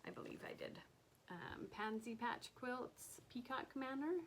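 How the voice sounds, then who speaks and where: A woman's voice: a little high, measured pace, slight background noise, rough recording. A woman chatting casually about her craft haul, gushing over each item and often dropping to a near whisper. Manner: gushing, soft-spoken, often drops to a whisper. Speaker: cross stitch vlogger.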